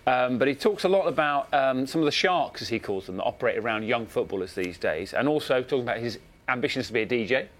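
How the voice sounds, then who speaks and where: A man chatting casually in a TV studio, previewing his football programme, quick and hesitant with frequent ums. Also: mid-range voice, animated, a bit bright. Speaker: sports programme presenter previewing his show.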